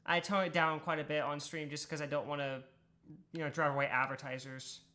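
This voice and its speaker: Young Australian woman, streamer, casual and a bit sweary; bright, forceful tone pitched on the low side. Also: little pitch movement, a little fast. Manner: chatty, swears freely, laughs often. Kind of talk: casual chat while gaming.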